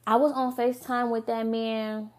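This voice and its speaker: A young woman hosting a podcast, telling a dating story in a candid, profane, casual way with quick asides. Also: on the high side, flat delivery. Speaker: podcast host.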